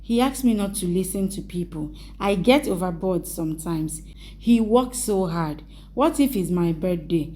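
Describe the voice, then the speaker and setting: A hurt young wife who frets that her husband has stopped caring, voiced by a woman reading a story recap aloud. The tone is mellow and warm, and the lines come out plainly read rather than acted. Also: fairly low pitch, animated, unhurried. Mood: upset.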